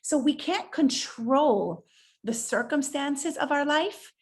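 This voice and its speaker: A woman speaking as a rebbetzin, giving an inspirational talk in an interview and telling stories with animated quoted voices. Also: high voice, slow.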